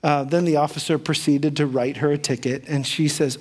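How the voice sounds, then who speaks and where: A middle-aged male pastor gives a sermon through a personal story, his voice sitting a little high. He is chatty and self-deprecating, and he acts out the lines of the people in his tale. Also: fairly even intonation, normal speed, a little mellow.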